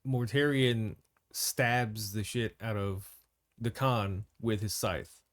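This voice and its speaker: A man's voice: fairly low pitch, fairly even intonation, slow pace. Joking podcast co-host man. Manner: joking, crude banter. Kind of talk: casual podcast chat.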